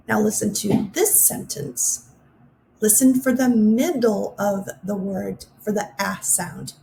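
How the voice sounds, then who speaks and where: A woman teaching a phonics lesson to young children, sounding out letter sounds slowly and clearly. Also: mid-range voice, steady tone, warm tone, a little hiss or hum.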